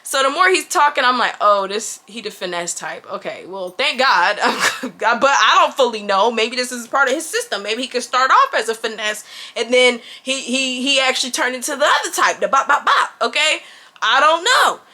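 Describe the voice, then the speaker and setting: A woman's voice: high voice, normal speed. A woman in her twenties telling a story to her viewers in a casual, chatty, slang-filled way. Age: 20s. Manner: chatty and animated, addresses viewers as y'all, slangy. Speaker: vlogger.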